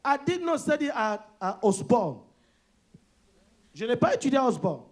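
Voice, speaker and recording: High-voiced man preaching loudly. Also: big pitch swings, normal speed. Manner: preaches in short phrases, shouting, switching to French. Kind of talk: interpreted sermon.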